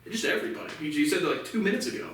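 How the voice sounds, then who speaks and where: Man, slightly high voice, profane sarcastic rant, heavy room echo, distant mic. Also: very fast. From United States. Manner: profane, sarcastic ranting with laughs. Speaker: commentary show host. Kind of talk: casual news commentary. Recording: echoey room, mic far off.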